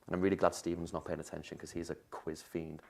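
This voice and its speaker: A man's voice: low-pitched, flat delivery, fast, gravelly, darkish tone. A male university lecturer giving a keynote talk at a conference, conversational and chatty, with playful asides to the audience. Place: conference room.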